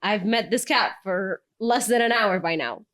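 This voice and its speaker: A young adult woman, a news presenter, chatting as a podcast guest in an animated, laughing storytelling manner. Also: medium pitch, unhurried. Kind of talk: casual podcast chat.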